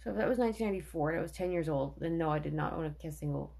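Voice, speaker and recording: A woman's voice: low voice, very fast, gravelly, dark tone, slightly rough. A woman in her thirties hosting a casual livestream, rambling and swearing, with many fillers. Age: 30s. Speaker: livestream host.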